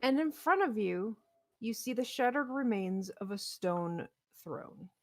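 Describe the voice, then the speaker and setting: A woman running a tabletop game as game master, describing scenes in a measured way. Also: mid-range voice, expressive, no echo.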